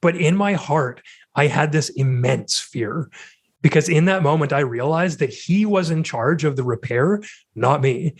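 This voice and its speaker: Male podcast guest, slightly higher voice, candid and reflective storytelling. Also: lively intonation, unhurried. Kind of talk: personal storytelling in interview.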